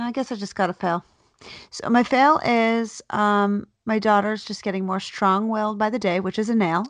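A mother in her thirties, a podcast co-host and teacher, telling a lively story in casual chat, swearing freely and acting out what she said. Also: mid-range voice, no echo. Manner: animated storyteller, swears freely, acts out quotes.

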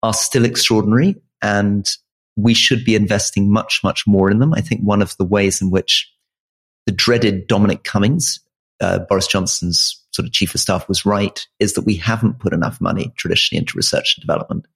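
A man's voice: on the low side, steady tone, brisk, creaky, a bit bright, husky. A middle-aged man co-hosting a podcast, talking in a wry, self-deprecating way with frequent restarts. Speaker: podcast co-host. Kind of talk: casual podcast chat.

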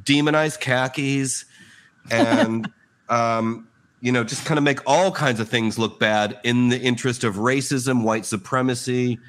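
A man's voice: medium pitch, unhurried, fairly bright tone. A man speaking as a guest on a political panel in a loose, conversational and wry way.

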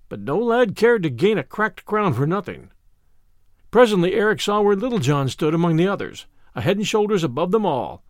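A man reading a classic adventure tale aloud as a storyteller, with an expressive storybook delivery. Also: high-pitched, fairly quick, no echo, clean studio sound.

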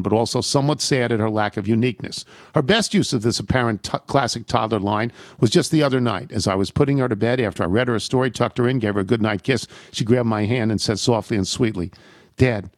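A man's voice: fairly low pitch, dry recording. A man hosting a radio show, reading listener emails aloud with a wry, amused delivery and the odd laugh. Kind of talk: reading listener mail aloud with dry humor.

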